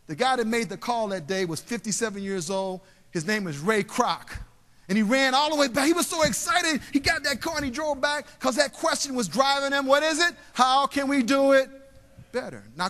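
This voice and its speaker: A man giving a motivational keynote in a large hall. He tells stories and leads the audience in call and response. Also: high-pitched. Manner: storytelling, drops quiet and soft for emotional parts. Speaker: keynote speaker. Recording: long hall reverb, live stage.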